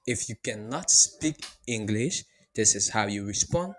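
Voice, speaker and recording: A man teaching beginner French, who says each phrase slowly and repeats it before explaining it. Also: fairly low pitch, expressive, a bit bright. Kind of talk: beginner language lesson.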